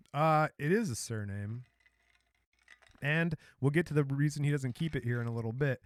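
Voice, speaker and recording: A man's voice: medium pitch, moderate pace, dry recording. A man from Michigan co-hosting a podcast, telling a story in a casual, joking way. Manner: joking, storytelling, laughs often. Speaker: podcast co-host.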